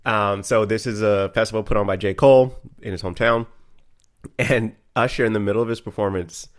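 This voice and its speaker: A man co-hosting a podcast in casual chat, an animated storyteller who swears freely. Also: on the low side, a little fast. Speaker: podcast co-host.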